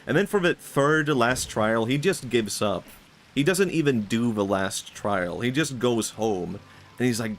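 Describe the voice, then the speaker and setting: A man's voice: mid-range voice, unhurried, a little hiss or hum. A man streaming, talking in a rambling, reflective way, full of filler words and frequent laughs. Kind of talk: casual stream chat.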